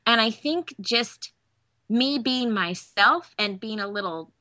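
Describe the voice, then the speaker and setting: Casting: young Southern woman, bright, crisp voice, dry close sound, animated storyteller. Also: a little high, takes it slowly, dry recording. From American South. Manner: animated storyteller, acts out quoted voices, laughs often. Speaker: voice actress guest. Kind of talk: casual interview storytelling.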